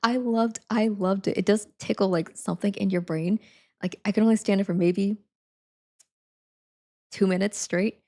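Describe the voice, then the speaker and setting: A woman's voice: mid-range voice, steady tone, normal speed, long pauses, mellow. A young woman streamer chatting casually, rambling with lots of fillers and frequent giggles. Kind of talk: casual chat.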